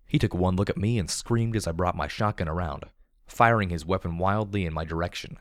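A man narrating first-person fiction in a steady, measured reading voice. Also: sits low, dry recording, clean studio sound. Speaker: audiobook narrator.

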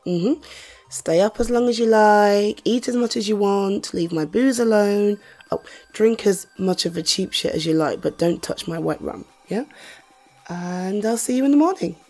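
A woman's voice: mid-range voice, a little mellow, soft background music, natural voice. A woman, acting a confident, wealthy mother who teases and flirts in a listener-directed audio role-play. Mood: playful, bossy. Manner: teasing, self-assured, slow and playful.

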